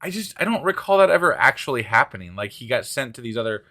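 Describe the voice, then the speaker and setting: A man's voice: medium pitch, very animated, quick pace, bright, forceful tone. A man co-hosting a casual podcast from home, ranting in an exasperated way and swearing a lot. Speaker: podcast co-host. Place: living room at home.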